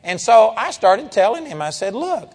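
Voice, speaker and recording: A man preaching, telling a story in an animated, emphatic way and calling out amen. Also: sits high, normal speed, in a large hall. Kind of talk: storytelling sermon.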